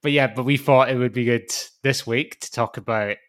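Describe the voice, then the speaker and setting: A man's voice: medium pitch, fairly even intonation, moderate pace, a bit bright. A man hosting a podcast, upbeat and easygoing as he introduces the topic. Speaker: podcast host. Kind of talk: casual chat, introducing the episode.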